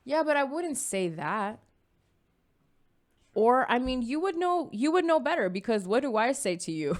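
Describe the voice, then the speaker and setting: A woman co-hosting a podcast in casual chat, telling a personal story with lively energy and acting out her own quoted words. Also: on the high side, moderate pace. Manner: animated storytelling, acts out her own quoted words, frequent "you know what I mean". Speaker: podcast co-host.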